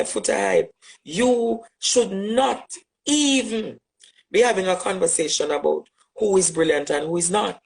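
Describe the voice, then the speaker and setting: A man's voice: on the high side, gravelly, slight background noise, low-quality recording. Impassioned Jamaican man, repeating phrases. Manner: forceful, rhetorical, repeats phrases for emphasis. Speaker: social media commentator. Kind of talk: impassioned direct address.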